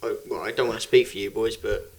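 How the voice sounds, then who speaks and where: A man's voice: on the low side, steady tone, fast talker. A man co-hosting a podcast who teases the others and laughs often in casual chat. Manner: teasing, jokey, laughs often.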